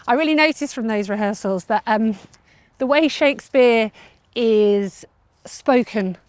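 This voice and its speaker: A woman's voice: a little high, unhurried, no room sound. A woman interviewer asking curious, conversational questions on location.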